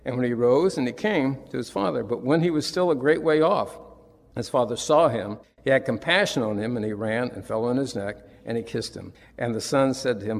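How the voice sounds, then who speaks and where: A man's voice: fairly low pitch, a little fast, vocal fry. A man preaching a sermon, retelling scripture with emphatic, rising and falling delivery. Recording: long reverb of a large hall.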